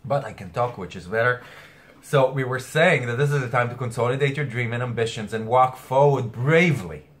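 A man's voice: lowish voice, a bit bright. A man astrologer speaking earnestly to camera, hesitating and restarting often, with something caught in his throat. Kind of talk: weekly spiritual message to camera.

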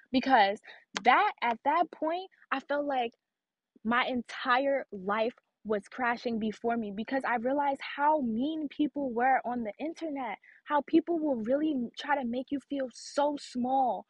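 A woman's voice: high-pitched, breathy edge, no room sound. A young woman, telling a personal story in a candid, emphatic motivational vlog. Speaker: vlogger.

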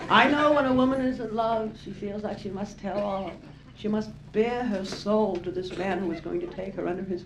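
A woman's voice: medium pitch, noisy background. A middle-aged woman doing a brassy, teasing stand-up routine, chatting with her audience. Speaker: stand-up comedian. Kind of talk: live bawdy stand-up routine. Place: nightclub stage with a laughing crowd. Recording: roomy live club recording, audience laughter.

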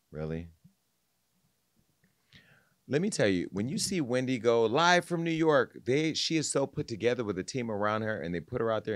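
A man's voice: fairly low pitch, no room sound, clean studio sound. A man hosting a celebrity gossip podcast, telling stories with lots of energy and mimicking the people he quotes. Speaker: podcast host. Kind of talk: casual gossip commentary.

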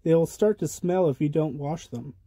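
Guy reading as a patient mom, calm and reasonable, soft dark tone, storybook. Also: fairly high pitch, normal speed, no room sound, natural voice. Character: patient, practical mother.

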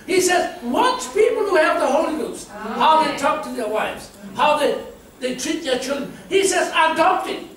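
High-voiced South African preacher in an echoey hall. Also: male voice, expressive, normal speed, a bit bright. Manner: humorous, storytelling, acts out quotes. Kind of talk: sermon. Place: church hall. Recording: echoey hall from far off, noisy.

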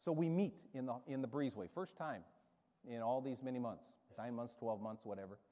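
With a warm, medium-pitched voice moving a little fast, a man in his seventies preaches as a guest in a church sanctuary. He's stirring and emphatic, adding storytelling asides, and the hall echoes around him.

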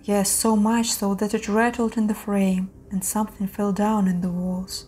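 Woman narrator for horror tales, mellow tone, faint music bed. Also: mid-range voice, level tone, normal speed. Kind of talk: scripted horror story narration.

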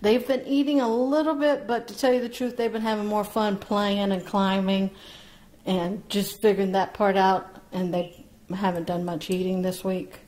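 A woman parrot breeder talking casually about her baby birds and gently coaxing them with sing-song encouragement. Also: medium pitch, level tone. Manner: slow, gentle, coaxing, with frequent laughs. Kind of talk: casual vlog narration and baby-talk to birds.

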